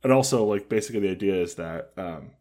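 A man co-hosting a comedy podcast, chatting casually and joking as he pitches scenes. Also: quick pace, dark tone. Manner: joking, acts out scenes in silly voices. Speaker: podcast co-host.

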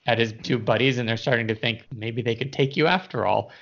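A man narrating a tabletop game as game master, chatty and relaxed with many fillers. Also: mid-range voice, brisk, gravelly. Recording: dull lo-fi audio.

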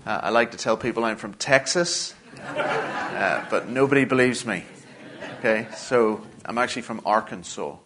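A middle-aged man from Northern Ireland with a Northern Irish accent, giving a church lecture in a measured way with dry, self-deprecating humor. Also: fairly low pitch, very noisy. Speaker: guest lecturer.

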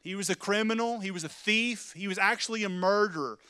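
A male preacher tells a vivid story in sermon style, his voice high and bright. He swings between quiet, low passages and loud, shouted moments. The sound is dry and close, with no room echo. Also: fairly quick, smooth. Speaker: pastor.

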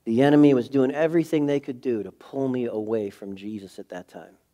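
A pastor giving a sermon, earnest and confessional, swinging from a hushed intimate tone to fervent preaching. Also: male voice, mid-range voice, a little fast. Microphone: speaking to a camera.

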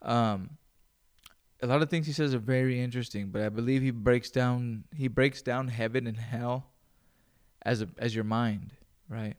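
A man's voice: mid-range voice, fairly even intonation, moderate pace, clean tone. A man hosting a solo podcast, talking in a loose, rambling way full of swearing. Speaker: podcast host. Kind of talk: casual solo podcast monologue.

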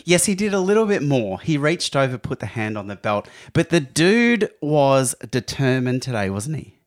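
A man's voice: mid-range voice, very animated, moderate pace. A man co-hosting a casual sports podcast, joking and playful as he retells the action. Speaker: podcast co-host.

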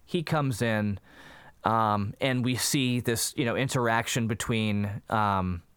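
A man's voice: slow pace, clean tone, no room sound. A man co-hosting a casual chat, recapping a film and acting out its quotes. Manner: animated storyteller, acts out quotes with jumpy pitch.

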